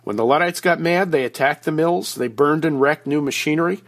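A man's voice: a little high, brisk. A man who is a regular guest commentator on a radio show, explaining news items over a phone line in a folksy, joking way. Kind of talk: conversational explainer.

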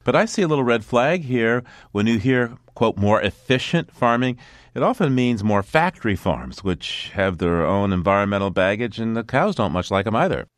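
A man's voice: lowish voice, expressive, normal speed, hardly any pauses, dry recording, studio quality. A man hosting a radio show, introducing a regular guest and trading wry banter with him. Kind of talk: scripted radio interview.

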